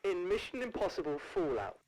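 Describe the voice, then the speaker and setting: A man's voice: high-pitched, unhurried, voice pushed up, low-quality recording. A man putting on the voice of a posh, theatrical older English actress who drawls and calls everyone darling. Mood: grandly theatrical. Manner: plummy, drawling, calls people darling and dear. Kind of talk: comedic celebrity impression.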